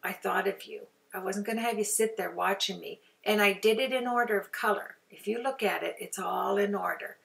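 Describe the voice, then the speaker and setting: A woman's voice: medium pitch, a little fast, creaky, few pauses, fairly bright tone, far from the mic. An older woman chatting casually through a card-making tutorial, rambling and sometimes dropping to a near-whisper.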